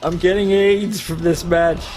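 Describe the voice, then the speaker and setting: A man streaming a wrestling video game, reacting loudly and swearing as he plays. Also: high-pitched, unhurried, a little hiss or hum. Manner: excitable, swearing, trash-talking the game. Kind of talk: profane live gameplay commentary.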